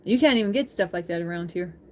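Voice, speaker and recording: A woman's voice: fairly low pitch, expressive, fast talker, darkish tone, slight background noise. A woman live-streaming, chatting casually with her viewers, laughing often and reading chat aloud.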